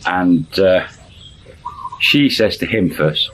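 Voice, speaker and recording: A man with a very deep voice tells a casual story and chuckles along the way. He acts out the dialogue in shifting voices. A faint hiss runs under the recording. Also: a little slow, a bit bright, low-quality recording. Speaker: storyteller channel host.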